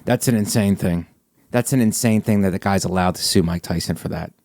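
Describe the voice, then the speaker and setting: A man hosting a podcast in casual chat, talking emphatically and getting animated when he argues a point. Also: sits low, brisk, dry recording, clean studio sound. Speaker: podcast host.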